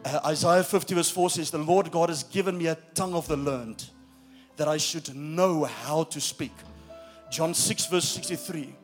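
Male pastor, higher-pitched, emphatic preacher who engages the room, faint music bed. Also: normal speed. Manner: emphatic preaching that checks in with the congregation. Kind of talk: sermon.

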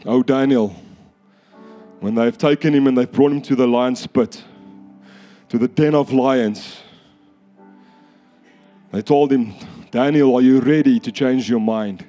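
A man preaching a sermon, fervent and repetitive, rising to shouts at times. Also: mid-range voice, a little slow, pauses often, soft background music. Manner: fervent, builds to shouts, repeats phrases.

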